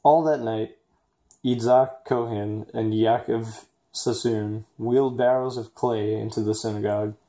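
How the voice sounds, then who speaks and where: A man reading a picture book aloud for an assignment, steady in the story and hesitant with fillers when he poses questions. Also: on the low side, a little slow, few pauses. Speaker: student reader.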